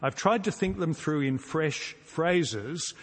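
Earnest preacher in a reverberant hall. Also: male voice, fairly high pitch, animated, takes it slowly. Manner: earnest, emphatic, with rhetorical repetition and sudden soft drops. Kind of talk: sermon. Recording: long reverb from a large hall.

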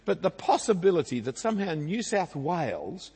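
A man's voice: high voice, big pitch swings, normal speed, darkish tone, husky. An Australian man preaching a sermon in a conversational way, with rhetorical asides and tag questions. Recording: long hall reverb.

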